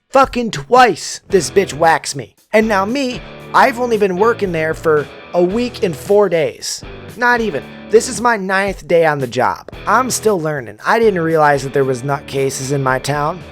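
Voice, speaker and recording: A man who delivers pizza tells a heated, crude storytime, swearing constantly. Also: on the high side. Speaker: pizza delivery driver and vlogger. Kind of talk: profane storytime rant.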